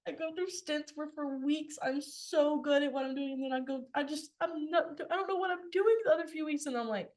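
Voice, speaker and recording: A woman's voice: high voice, brisk, few pauses, darkish tone. A woman in her twenties co-hosting a podcast, chatting casually, retelling conversations with lots of quoted back-and-forth and laughter. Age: 20s. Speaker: podcast co-host. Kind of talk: casual chat.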